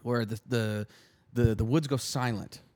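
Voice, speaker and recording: A man's voice: medium pitch, steady tone, a little slow, darkish tone. A man co-hosting a comedy podcast, telling a story with lots of profanity in a casual chat. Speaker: podcast co-host.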